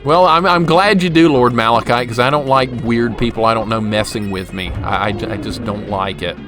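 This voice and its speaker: A man's voice: fairly low pitch, normal speed, a bit bright. A young man streaming a retro game live, commenting as he plays, getting frustrated, joking and laughing while he reads and answers his chat. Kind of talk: live gameplay commentary chatting with viewers. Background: game music.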